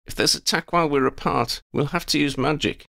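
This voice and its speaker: Man putting on a bossy young woman, higher voice, raspy edges, dry close sound. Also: brisk, a bit bright, no echo. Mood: firm. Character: young woman, determined leader.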